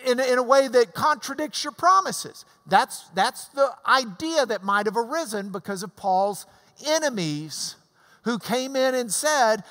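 An older man in his sixties preaches in an unhurried way, his pitch swooping up and down as he stresses a point. He explains Greek words with homespun asides, and his voice rings out with a long hall reverb. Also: expressive, a bit bright. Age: 60s. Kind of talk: sermon, verse-by-verse Bible teaching.

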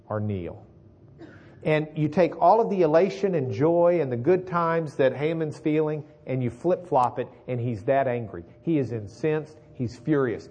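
A male preacher retelling a story in a conversational, animated, folksy sermon. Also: fairly high pitch.

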